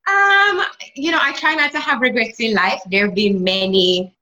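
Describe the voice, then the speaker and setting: A woman's voice: a little high, moderate pace, sharp tone, poor audio. A Jamaican woman in her thirties, a guest in a conversational interview, reflective and prone to restarts.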